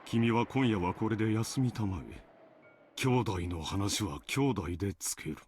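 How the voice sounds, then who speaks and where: Guy doing a stern game patriarch, low voice, short cold orders. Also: fairly quick, a little mellow, a little hiss or hum, lightly acted. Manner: curt, dismissive commands. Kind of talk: Japanese game voice acting.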